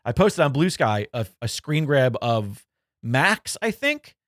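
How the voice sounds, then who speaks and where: Male podcast co-host, casual and animated, with a lively, swooping delivery and dry, close sound. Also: mid-range voice, takes it slowly, no echo. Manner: animated, swearing, self-mocking asides. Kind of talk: casual chat.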